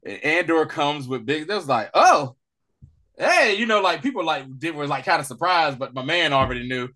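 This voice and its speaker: A man co-hosting a casual recap podcast, animated and laughing as he acts out scenes in quick voices. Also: on the high side. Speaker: podcast co-host.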